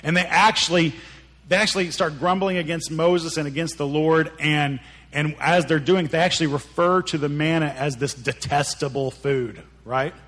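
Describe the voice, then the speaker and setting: Man, pastor, sermon, storytelling, acts out characters, slightly high voice. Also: steady tone, moderate pace, fairly bright tone. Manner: conversational storytelling, acts out characters' lines, frequent repeated words.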